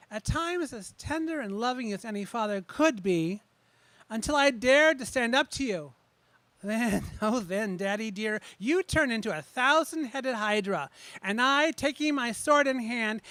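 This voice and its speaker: A man with a high voice performs his poems live before a small audience at an open mic. His tone is bright and forward. He talks casually between pieces and leans hard on the words when he reads. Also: dry recording. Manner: chatty asides between pieces, slow emphatic reading of poems. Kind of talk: open mic poetry reading with spoken introductions.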